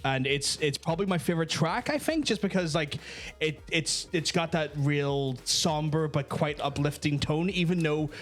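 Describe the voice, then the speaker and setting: A man's voice: on the high side, normal speed. A man with a Northern Irish accent co-hosting a live talk show, chatting casually, rambling and swearing as he searches for words. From Northern Ireland. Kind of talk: casual chat.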